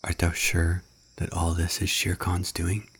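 Eager jungle boy, raised and bright over a husky base, read by a man. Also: low voice, completely flat delivery, unhurried, full character voice.

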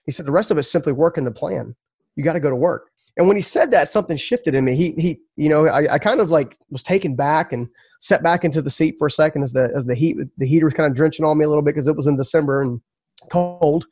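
A man's voice: on the high side, fast, darkish tone, no room sound, studio quality. A man telling his story as a podcast guest, earnest and emphatic, often repeating words.

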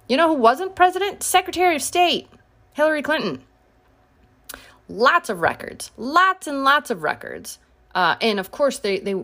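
A woman's voice: fairly high pitch, a bit bright. A woman giving casual political commentary, sarcastic and combative, pushing her voice up sharply on her biggest points.

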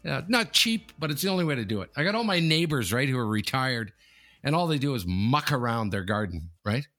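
A man co-hosting a casual sports podcast, talking in an animated, repetitive way, often tossing in "okay?" and swearing freely. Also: medium pitch, quick pace, soft background music. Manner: animated and repetitive, keeps saying "okay?" and the host's nickname. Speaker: podcast co-host.

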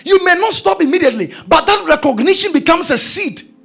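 A man's voice: very high-pitched, animated, brisk, vocal fry, a bit bright, faint music behind. A male preacher delivering a sermon, emphatic and repeating his key phrases.

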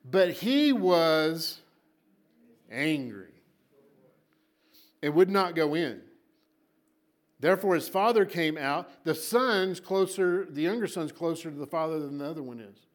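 A man preaching a sermon to a congregation. He tells the story dramatically, repeats words for emphasis, and swings between loud and soft. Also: fairly high pitch, expressive, measured pace, long pauses. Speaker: pastor.

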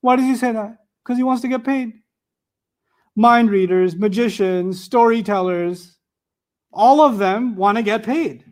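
A man giving a Quran commentary lesson, animated and full of rhetorical questions, reciting Arabic verses between his explanations. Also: sits high, a little slow. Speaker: Quran teacher. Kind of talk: tafsir lecture.

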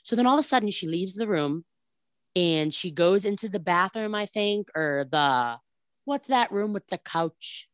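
A woman in casual chat, telling a reality show story in an animated way and acting out what people said. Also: medium pitch, normal speed, no echo, clean studio sound. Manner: animated storytelling, acts out quotes, many "like"s.

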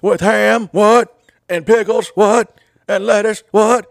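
A man putting on a loud, hollering character who raves about mayonnaise and keeps yelling a high "What?" between lines. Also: fairly even intonation, slow pace, vocal fry, dry recording, studio quality, full character voice. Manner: shouts each item, then yells "What?".

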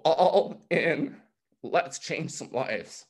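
A man in his forties speaks over a video call, his voice sitting a touch high. He gives a motivational testimony that is emotional and fired up, getting choked up at times. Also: slow pace, slightly rough. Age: 40s. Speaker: guest speaker.

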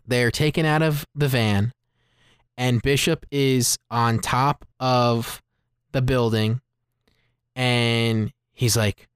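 A man co-hosting a casual movie podcast. He retells film scenes with animated energy and fills his sentences with "like.". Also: mid-range voice, takes it slowly, clear, resonant tone, dry recording, clean studio sound. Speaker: podcast co-host, movie reviewer.

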